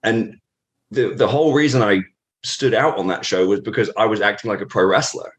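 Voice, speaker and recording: British man, very low voice, interview guest, rambling anecdote, lots of "you know" and restarts. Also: a little fast. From Britain. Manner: rambling with many fillers and restarts. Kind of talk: casual interview storytelling.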